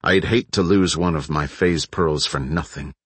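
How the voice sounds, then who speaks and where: Guy doing a tough lady squad leader, clipped and bossy, pitched up a bit for the audiobook. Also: measured pace, breathy edge, no echo, heavily acted. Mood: tense. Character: tough woman team leader, cool and commanding.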